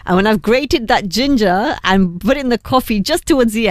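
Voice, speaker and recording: A woman's voice: mid-range voice, normal speed, no room sound. A woman hosting a breakfast radio show in a chatty, giggly way, dropping in Hindi phrases, on a studio microphone. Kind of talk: casual radio chat.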